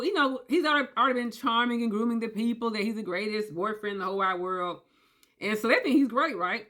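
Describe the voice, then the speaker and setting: A woman giving a casual explainer, emphatic and animated, often checking in with "okay?" and acting out quoted voices. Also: on the high side. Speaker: commentator on narcissistic abuse. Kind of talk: casual talking-head explainer.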